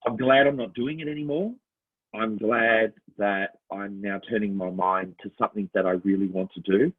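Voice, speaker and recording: Over a thin, phone-line sound, this middle-aged Australian co-host talks at a moderate pace in a fairly low voice. His casual podcast chat is full of stories, frequent laughter and quick character voices.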